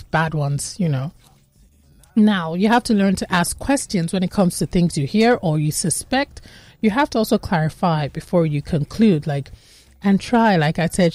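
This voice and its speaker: A woman's voice: on the low side, no room sound. A woman with a Nigerian English accent giving casual relationship advice, acting out little bits of dialogue in playful voices. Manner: animated, acts out quoted dialogue with playful voices.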